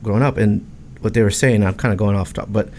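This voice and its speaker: A man's voice: lowish voice, steady tone, fast, creaky, mellow, slight background noise. A man in his forties from Arizona, a realtor guest on a podcast, talking in an earnest, heartfelt way with many restarts. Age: 40s. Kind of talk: casual interview talk.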